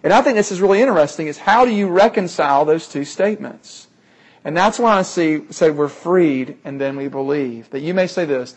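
Earnest preacher with a slightly high voice. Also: male voice, brisk. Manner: earnest, emphatic, repeats key phrases. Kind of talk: sermon.

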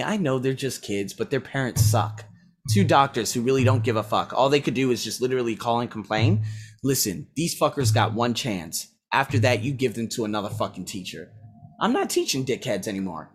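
A man who teaches runs through a casual weekly self-review in a medium-pitched voice with a breathy edge. He rambles and speaks bluntly, swearing freely while scoring himself out loud.

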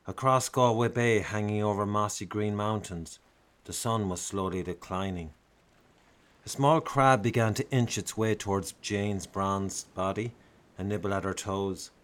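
A man's voice: fairly low pitch, fairly even intonation, unhurried, fairly bright tone, clean tone. A man narrating a comic story in a wry, theatrical way.

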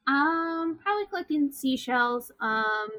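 Bright-toned woman at a game table. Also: high voice, lively intonation, unhurried, rough recording. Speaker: player. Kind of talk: casual tabletop banter.

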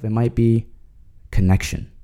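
A man's voice: medium pitch, fairly even intonation, measured pace, dark tone, clean tone. A man hosting a podcast, talking in a slangy, joking way and chuckling as he goes. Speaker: podcast host. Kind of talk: casual comedic monologue.

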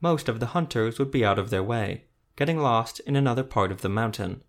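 A male narrator reading a fantasy tale in a mid-range voice. His delivery is steady and even, paced for listening. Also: mid-range voice, brisk. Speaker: audiobook narrator. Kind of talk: scripted narration.

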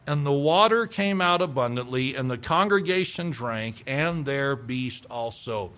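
A man's voice: on the high side, expressive, normal speed, few pauses, fairly bright tone. A man preaching a sermon, reading scripture aloud and asking his congregation rhetorical questions. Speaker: pastor.

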